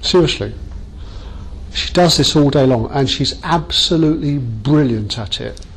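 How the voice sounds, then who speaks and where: A man's voice: medium pitch, a little slow, vocal fry, slight background noise, rough recording. A man leading a workshop training session, chatty and self-mocking as he jokes with the group.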